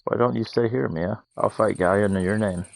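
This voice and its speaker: A man's voice: lowish voice, a little fast, gravelly, no room sound, low-quality recording. A man voicing an anxious, protective young mage in a game, urging and pleading. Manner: urgent and pleading. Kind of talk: game voice acting.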